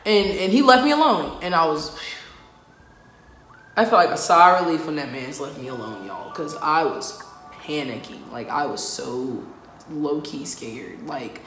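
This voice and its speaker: A woman's voice: low voice, animated, measured pace, fairly bright tone, a little hiss or hum. A young adult woman chatting casually in a vlog, full of "like" and "um". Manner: chatty, loose, lots of "like" and "um". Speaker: vlogger. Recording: echoey room with background music.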